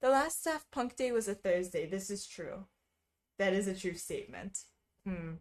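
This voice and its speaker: A woman's voice: medium pitch, animated, moderate pace. A woman streaming casually, chatting with viewers while she stitches, full of wry asides and frequent laughter.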